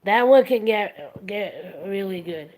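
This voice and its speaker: A woman's voice: mid-range voice, lively intonation, takes it slowly, darkish tone. A woman hosting a livestream, chatting casually and retelling a funny story with plenty of restarts and acted-out quotes. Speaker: stream host.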